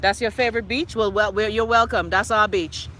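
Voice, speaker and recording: A Bahamian woman hosting a live stream, reading viewers' comments and ranting loudly and profanely. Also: mid-range voice, fairly even intonation, brisk, slight background noise. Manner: loud, profane, exclaiming ranting. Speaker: livestream host.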